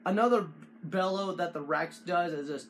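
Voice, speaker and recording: A man hosting a casual how-to video, talking in halting bursts with frequent restarts and fillers. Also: sits high, slight background noise. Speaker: tutorial host.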